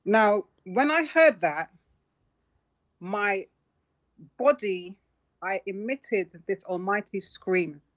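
A woman's voice: mid-range voice, animated, takes it slowly, pauses often. A woman author, recounting a personal story to an interviewer in an earnest, reflective way. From London. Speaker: author guest. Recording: muffled lo-fi audio.

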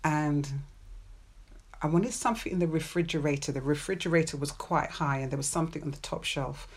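Lower-pitched woman giving chatty advice. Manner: playful, chatty, laughs often, drawn-out stressed words. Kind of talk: casual advice monologue with personal stories.

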